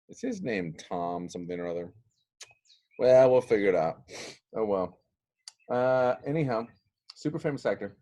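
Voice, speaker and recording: A man's voice: on the low side, mellow. A man teaching an eighth grade Latin class in a recorded video lesson, playful and jokey as he translates a story.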